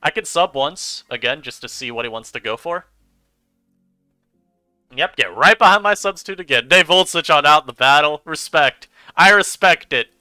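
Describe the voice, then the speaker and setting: A man giving chatty, animated commentary over his own gameplay as a streamer, laughing often. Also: on the high side, normal speed, smooth, no echo, soft background music. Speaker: online game streamer.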